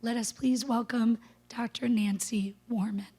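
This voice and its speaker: A woman with a hoarse voice she has lost, giving a formal introduction of a guest lecturer into a handheld microphone, partly whispering. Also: a little high, steady tone, measured pace, dark tone. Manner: apologetic, partly whispered delivery. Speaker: faculty member introducing the speaker. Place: lecture room.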